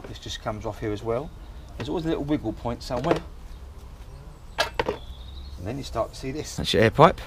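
A man's voice: mid-range voice, normal speed, long pauses. Chatty man in a noisy garage. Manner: chatty, jokey, talks himself through each step. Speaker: home mechanic. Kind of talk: casual step-by-step how-to.

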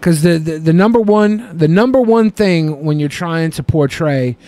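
A man's voice: fairly high pitch, moderate pace, mellow. A man co-hosting a podcast, reading listener questions and giving loose, profane, joking advice. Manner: loose, profane, laughs often. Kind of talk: crude, joking podcast banter.

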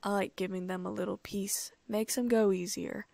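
A remorseless killer speaks in an eerily calm, sincere tone, voiced by a woman reading a story aloud. The voice stays flat and slightly gravelly, with a dry, close sound. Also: medium pitch, moderate pace, no echo, close to an everyday voice. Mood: calm sincerity. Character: cold unrepentant middle-aged male killer gardener.

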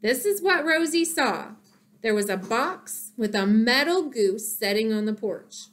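Woman reading a kids chapter book aloud, lively ups and downs, nice and slow. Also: on the high side. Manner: expressive, slow storytelling. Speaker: narrator. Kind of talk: children's audiobook reading.

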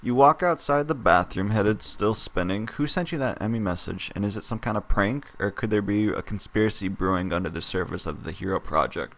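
A man with a slightly low voice reads a text adventure aloud in a casual let's-play. He moves between narrating the story and chatting loosely with viewers. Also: a little fast, few pauses, a bit bright. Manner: reads narration aloud, breaks off to chat and laugh. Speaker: player reading an interactive story game. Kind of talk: casual game read-through.

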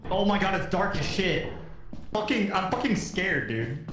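A man's voice: high-pitched, lively intonation, a little slow, a bit bright, slight background noise, poor audio. A young man playing a game with friends, jumpy and teasing, swearing often. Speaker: co-player. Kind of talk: casual gaming chat.

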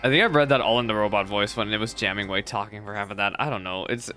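A man's voice: lowish voice, fast, bright, forceful tone, faint music behind. A man hosting a casual game playthrough, chatty and rambling, saying he has just woken up. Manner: chatty, loose, sleepy and rambling. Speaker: gaming streamer and video host. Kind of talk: casual let's-play commentary.

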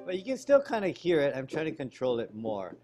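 Lively man teaching ukulele online. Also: fairly high pitch, fairly quick, loud music behind the voice. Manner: relaxed, explains while demonstrating, counts strums aloud. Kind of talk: online music lesson. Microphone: video call. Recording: ukulele playing loud behind voice. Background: ukulele strumming.

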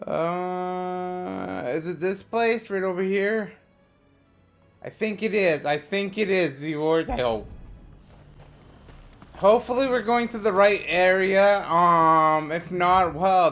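A man's voice: sits high, slow pace, fairly bright tone, soft background music. A man commentating a game as he plays, chatty and rambling, trash-talking the enemies. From Canada. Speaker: let's play gamer.

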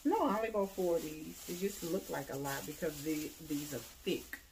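A woman showing off holiday decorations she bought, talking casually and excitedly straight to her viewers. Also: deep voice, moderate pace, background noise. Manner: enthusiastic, addresses viewers directly, exclaims over items. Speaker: home decor vlogger. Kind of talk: casual haul show-and-tell.

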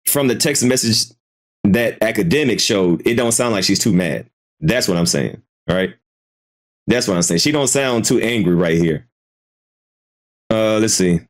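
A man talks through his reaction on a live commentary stream, circling back over his own words and cursing freely. His pitch moves around a lot, jumping high when he gets worked up and dropping low when he trails off. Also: animated, moderate pace, long pauses. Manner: hesitant, repeats himself, swears freely. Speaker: commentary channel host.

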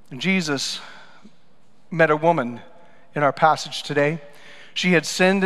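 Man, pastor, sermon, higher-pitched voice, storytelling, loud bursts and soft asides, long church reverb. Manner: storytelling, swings between loud emphatic lines and quiet low asides. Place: church sanctuary.

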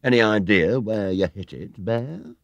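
A man's voice: fairly low pitch, animated, unhurried, creaky, no room sound. A man voicing a blunt, plain-spoken grown man. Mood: concerned.

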